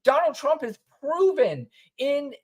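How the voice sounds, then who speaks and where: A man's voice: very high-pitched, big pitch swings, takes it slowly. A man co-hosting a podcast, giving casual political commentary in a rambling, wry and profane way. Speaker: podcast co-host.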